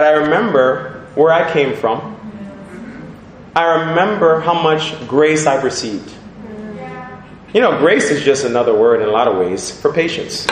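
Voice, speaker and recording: A man preaching a lively sermon in a church, animated, breaking into sung lines and laughter, asking the congregation questions. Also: fairly high pitch, a little hiss or hum. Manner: animated, sings snatches, laughs, asks the crowd questions. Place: church hall. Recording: echoey church with congregation responding.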